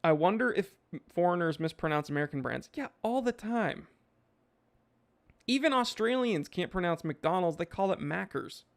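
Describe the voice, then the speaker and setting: A man's voice: high-pitched, expressive, moderate pace, gravelly. A man hosting a podcast, reading chat and rambling casually in laid-back slang.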